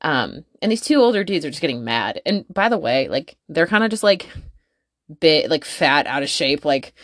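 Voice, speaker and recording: Profane, animated woman telling stories. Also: low-pitched, normal speed, no room sound, studio quality. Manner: profane, animated, laughs often. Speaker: podcast host. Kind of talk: casual storytelling monologue. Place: home closet.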